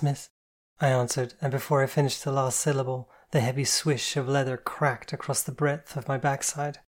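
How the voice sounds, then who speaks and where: A reader giving a soft-spoken, even, first-person narration of a novel. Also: medium pitch. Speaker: audiobook reader.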